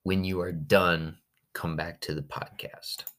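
Low-voiced man teaching a history lesson. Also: measured pace. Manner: animated storytelling, acting out countries in goofy voices. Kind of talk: recorded class podcast lecture. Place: home recording for a class podcast.

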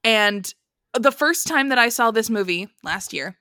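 Bright-voiced, animated woman podcaster. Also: fairly high pitch, unhurried, no room sound, studio quality. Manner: animated, swears freely, laughs often. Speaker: podcast co-host. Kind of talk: casual film-review chat.

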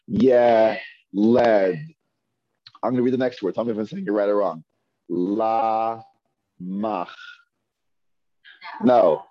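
A man's voice: on the low side, lo-fi sound. A man teaching a Hebrew reading class, patiently sounding out words one syllable at a time and asking learners to repeat. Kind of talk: slow syllable-by-syllable reading lesson.

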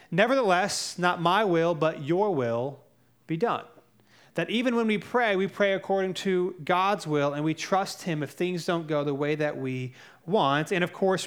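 A young male pastor preaching a sermon in a conversational way, telling personal stories. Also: high-pitched.

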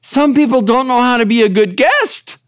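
A man's voice: very high voice, animated, moderate pace, clear, resonant tone, dry recording, clean studio sound. A man preaching a conversational sermon, folksy and rambling, often turning to ask the listeners if they follow. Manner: folksy, rambling, asks the audience. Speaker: pastor.

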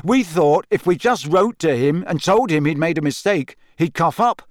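A man voicing a cheeky teenage boy prankster who talks in a brisk, matter-of-fact way. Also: a little high, lively intonation, no echo, clean studio sound, pitched above the performer's own voice, lightly acted.

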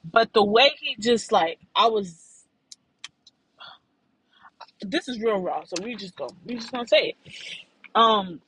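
A woman's voice: mid-range voice, animated, slow, long pauses, fairly bright tone, slightly rough, no echo, poor audio. A young woman telling a frank story to her listeners in a rambling, casual way.

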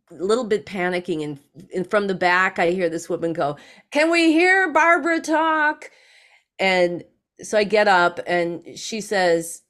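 A woman guest on a podcast interview, telling stories in an animated way and acting out other people's lines. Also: medium pitch. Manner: animated, acts out others in lively quotes.

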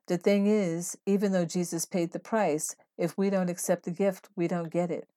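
A woman hosting a devotional podcast, teaching in an earnest, steady way and reading scripture aloud. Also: on the low side, moderate pace. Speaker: podcast host.

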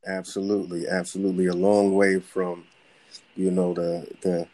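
A middle-aged man from the Bronx, talking casually on a podcast about his family clothing business and boxing, relaxed and halting with many fillers. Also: sits low. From the Bronx, New York. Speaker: guest, clothing entrepreneur and boxing coach.

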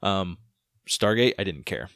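A man's voice: sits low, animated, a little slow, a bit bright, no echo. A man in his thirties, co-hosting a casual podcast chat and rambling with many stammered restarts. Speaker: podcast co-host.

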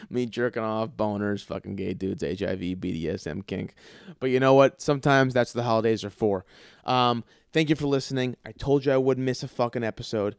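A man hosting a solo comedy podcast, telling a crude, profanity-heavy story in an animated way. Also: mid-range voice, clear, resonant tone, no echo, studio quality. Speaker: podcast host.

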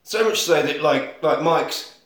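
A man hosting a casual film podcast, animated and swearing often. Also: fairly high pitch, measured pace. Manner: animated, swears often, retells scenes in put-on voices and laughs. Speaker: podcast host. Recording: echoey room.

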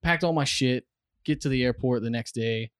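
A man's voice: mid-range voice, moderate pace, fairly bright tone, clean tone, dry recording. A young American man telling a story on a podcast, rambling and swearing, with many fillers, close to the mic. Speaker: podcast guest. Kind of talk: casual storytelling. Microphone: close studio mic.

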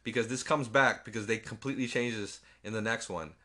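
A man casually recapping a movie plot with a friend, swearing often and acting out the characters' lines in quick silly voices. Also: on the low side. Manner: animated, profane, acts out quotes in silly voices. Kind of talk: casual film recap chat.

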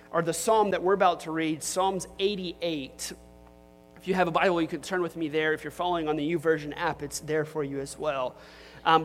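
A man's voice: high voice, fairly bright tone, big-room sound, slight background noise. A man preaching a sermon as pastor in a church, talking conversationally with joking asides to his congregation. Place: church sanctuary.

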